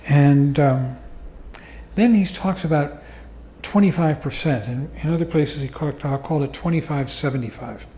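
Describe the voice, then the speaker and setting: A man giving a calm, unhurried dharma talk as a meditation teacher to a group. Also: a little high, a little hiss or hum. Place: meditation hall. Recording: echoey room recording.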